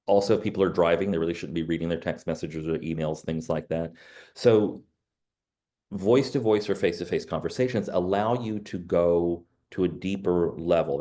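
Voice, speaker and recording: A man's voice: low voice, warm tone. A middle-aged man, a realtor, giving a training talk in a conversational way, filled with "you know" and stories.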